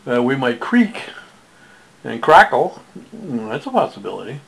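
A man in his seventies talks straight to the camera in a loose, rambling monologue, joking at his own expense as he drifts from one aside to the next. His voice has a gravelly, crackly texture and sits at an ordinary middle pitch. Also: sing-song, unhurried, fairly bright tone. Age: 70s. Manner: joking, self-mocking, wandering asides.

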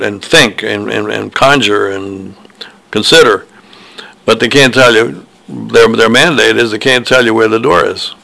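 An older man with a gravelly, crackling voice at an ordinary middle pitch, rambling through personal stories. He meanders and restarts often, filling pauses with ums and uhs as he talks. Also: sharp tone. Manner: meandering, hesitant, with many fillers and restarts. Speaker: author. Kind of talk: rambling personal storytelling monologue.

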